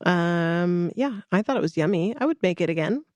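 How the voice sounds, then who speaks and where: A woman's voice: on the low side, lively intonation, normal speed, darkish tone, no room sound. A woman co-hosting a podcast, telling a family story in casual chat and acting out the quotes. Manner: chatty storyteller, acts out quotes with laughs. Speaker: podcast co-host.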